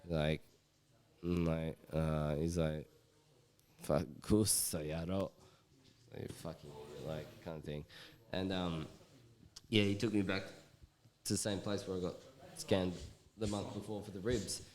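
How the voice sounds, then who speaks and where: A man's voice: sits low, flat delivery, measured pace, long pauses, a little mellow. A man telling a story in a casual, rambling way, swearing often and using lots of fillers.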